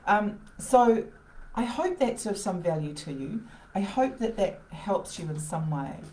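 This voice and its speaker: A woman's voice: mid-range voice, expressive, unhurried, darkish tone, slight background noise. A woman hosting an informal motivational talk from her conservatory, rambling with restarts and asides. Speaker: host of a live self-help talk. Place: home conservatory. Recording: roomy echo of a conservatory.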